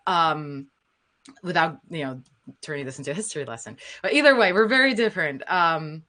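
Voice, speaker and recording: A woman's voice: sits low, animated, a little fast, sharp tone. A woman from Slovenia with a Slovenian accent, speaking frankly and emphatically as a voice actor on a panel. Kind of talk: panel discussion.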